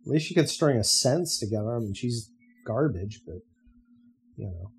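A man's voice: mid-range voice, lively intonation, normal speed, faint music behind. A man hosting a podcast, talking casually in a sarcastic, profane rant. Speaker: podcast host. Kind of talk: casual monologue.

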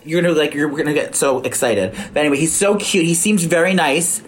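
A woman's voice: deep voice, fairly quick, slight background noise. A woman hosting a podcast, gushing and rambling in casual chat. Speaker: podcast host.

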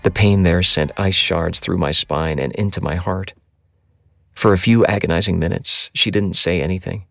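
Man, first-person audiobook narration, deep, creaky, dry sound, measured. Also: fairly even intonation, fairly bright tone, no room sound.

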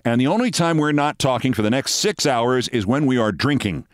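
An older man hosting a show, telling a long anecdote in a wry, brisk storytelling manner. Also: medium pitch, lively intonation, clear, resonant tone, no room sound, clean studio sound. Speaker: host. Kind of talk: storytelling monologue.

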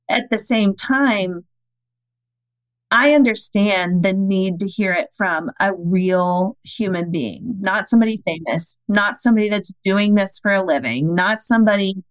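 A woman in her thirties speaks as a podcast guest, telling a personal story with casual earnestness. She acts out the lines of the people she quotes. Her voice sits at an ordinary pitch and sounds dry and close, with no room around it. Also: no room sound, low-quality recording.

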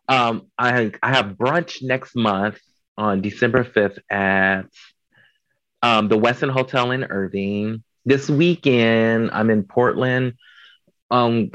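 A man from Chicago talks as a guest on an interview show, blunt and profane, cracking jokes about himself as he goes. His voice sits at an ordinary pitch, and the recording is dry and close with no room sound. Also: fairly bright tone, no room sound, dull audio. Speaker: drag performer guest. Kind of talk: casual interview chat.

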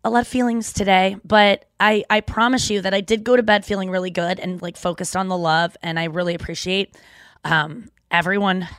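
A woman's voice: mid-range voice, fairly even intonation, brisk, fairly bright tone, no room sound, clean studio sound. A young woman hosting a podcast, talking in a rambling, tearful, apologetic way while crying. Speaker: podcast host. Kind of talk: emotional personal monologue. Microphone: studio microphone.

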